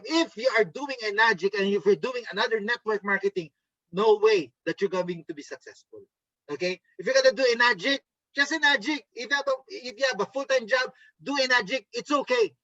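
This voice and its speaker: Over a video call microphone, a network marketing trainer with a high, sharp-toned voice gives an upbeat, coaxing motivational talk, frequently checking in with "okay?". The audio is lo-fi with no room sound, and he imitates gloomy voices to make his point.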